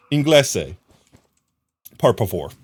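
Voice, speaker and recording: A young livestreamer chats casually and jokily in a medium-pitched voice that's a bit mellow and slightly rough. He rambles and mutters to himself while crafting, playfully teasing and scolding his chat.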